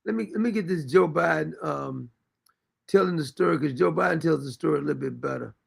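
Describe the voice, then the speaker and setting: A man hosting a talk show, commenting loudly and incredulously on played clips. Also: fairly high pitch, fairly quick, vocal fry, breathy edge. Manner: incredulous, loud outbursts, frequent laughter. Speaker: show host. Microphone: streaming mic.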